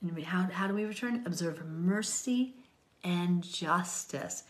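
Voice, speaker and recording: A woman's voice: fairly low pitch, a little slow. A woman teaching from the Bible, reading scripture aloud and commenting in an earnest, pleading way that sometimes drops to a whisper.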